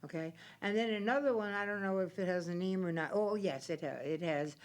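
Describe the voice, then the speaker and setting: A woman's voice: on the low side, brisk. A woman hosting a studio interview, chiming in with short reactions and follow-up questions. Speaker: host. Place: community TV studio.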